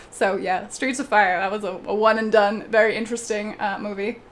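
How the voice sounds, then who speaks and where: A young woman hosting a casual live stream, chatting with viewers while she paints, laughing often and breaking into animated asides. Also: fairly high pitch, brisk, hardly any pauses. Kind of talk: casual chat while reading viewer comments.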